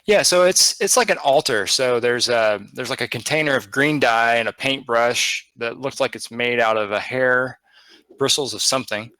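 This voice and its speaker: Man, dungeon master, loose hesitant narration, bright tone, dry close mic. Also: medium pitch, moderate pace, no echo. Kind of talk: narrating a tabletop game.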